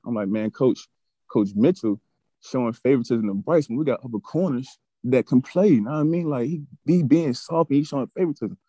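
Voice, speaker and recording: A young man in his twenties tells a story in an animated, profane style, and he gets heated as he goes. His voice is dark and mellow. The podcast mic is dry and close. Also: medium pitch, fairly quick, dry recording. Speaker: podcast guest, former college football player. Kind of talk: casual storytelling.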